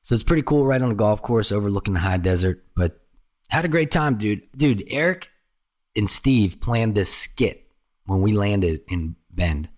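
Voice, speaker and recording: A man with a somewhat low voice tells stories in casual conversation. He is animated, jumps into other people's voices and swears freely. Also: moderate pace. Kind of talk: casual storytelling chat.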